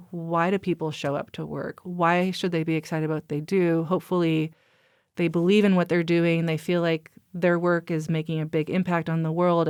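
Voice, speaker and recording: A woman with a lowish, smooth and resonant voice chats through her ideas in a relaxed interview. She leans on "like" and "you know" as she thinks aloud. The sound is dry and close, with little room. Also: no room sound. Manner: chatty, many "like" fillers, thinking aloud. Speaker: workplace strategy executive, guest. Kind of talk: casual interview chat.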